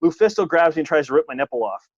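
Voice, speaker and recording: Rapid-fire and on the high side, a male wrestling referee launches into a funny story on a casual podcast, animatedly making fun of himself. The recording is dull and lo-fi, dry with no room sound.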